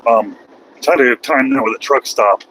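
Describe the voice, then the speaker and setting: A man's voice: mid-range voice, normal speed, pushed and bright, rough recording. Middle-aged male trucker vlogging from the cab, folksy, rambling, casual swearing; faint road noise. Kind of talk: casual chat while driving.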